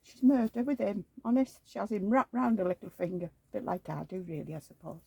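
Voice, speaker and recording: A woman's voice: fairly high pitch, very animated, fairly quick, gravelly, dark tone, slightly rough, no room sound. A woman, rambling through homely anecdotes in a chatty vlog and acting out the dialogue. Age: 70s. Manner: rambling anecdotal storytelling, acts out quoted dialogue. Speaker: reborn doll collector.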